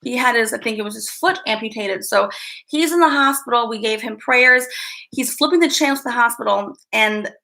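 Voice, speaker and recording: Giggly woman rambling to her stream chat, kinda high voice, bit of fry. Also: a little fast, pushed and bright. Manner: giggly, easily distracted, greets chat by name. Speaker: live stream host. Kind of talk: casual live-stream chat.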